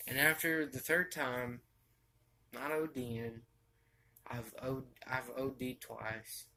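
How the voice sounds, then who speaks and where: A young man telling a personal story from his bed, halting and restarting often as he talks. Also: mid-range voice, bright, forceful tone, a little hiss or hum, rough recording. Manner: halting, with frequent restarts and fillers. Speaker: vlogger. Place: bedroom, sitting on his bed.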